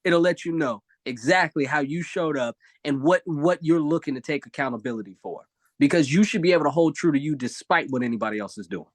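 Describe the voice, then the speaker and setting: Expressive man giving motivational advice. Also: a little high, brisk, no echo. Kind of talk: live video-call talk show. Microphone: video call.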